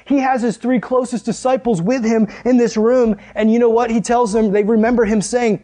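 A man preaching a relaxed, conversational sermon in a high, light voice. He tells the story with animated energy and keeps turning straight to his listeners to hold their attention. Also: normal speed, few pauses.

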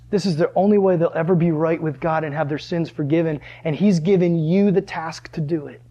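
A man preaching a sermon to a live audience in church, animated and often asking the crowd questions. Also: on the high side, highs cut off. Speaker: pastor.

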